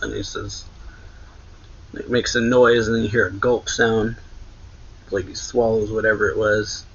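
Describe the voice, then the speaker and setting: Bright, husky man retelling a comic. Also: muffled recording. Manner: reads quoted lines louder and higher, loose filler-heavy retelling. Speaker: manga reaction host. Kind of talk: casual reading and retelling.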